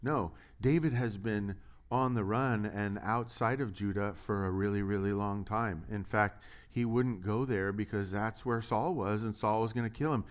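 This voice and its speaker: A man's voice: on the low side, normal speed, hardly any pauses. A man preaching a sermon from a church stage, asking lots of rhetorical questions with a bit of humor. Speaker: pastor.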